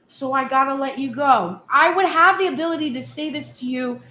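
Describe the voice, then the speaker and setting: A woman's voice: sits high, brisk, pushed and bright. A woman tarot reader giving a channeled reading, speaking heatedly in first person as someone's partner. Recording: roomy echo, faint background hum.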